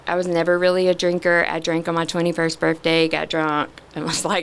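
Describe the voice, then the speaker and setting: A middle-aged woman, a podcast guest, sharing a candid personal testimony in an earnest, halting way with many pauses. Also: deep voice, level tone, vocal fry, a bit bright, smooth.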